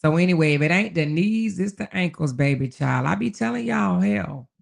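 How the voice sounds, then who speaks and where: Gravelly-voiced woman hosting a folksy chat. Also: on the low side, expressive, normal speed. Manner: chatty, folksy, calls viewers baby, child and honey; laughs often while talking. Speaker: livestream host. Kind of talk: casual live chat reading viewer comments.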